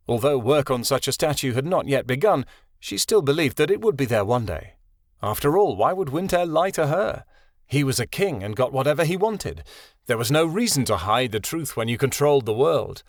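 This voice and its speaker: A man narrating a fantasy audiobook in an expressive storytelling read. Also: medium pitch, dry recording, clean studio sound.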